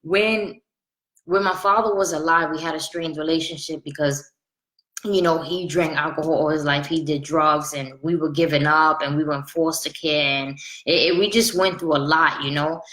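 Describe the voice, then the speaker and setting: A woman's voice: deep voice, steady tone, moderate pace, fairly bright tone, roomy sound, rough recording. A woman in her late thirties giving an earnest, conversational motivational talk as a spiritual life coach, repeating phrases for emphasis. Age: 30s.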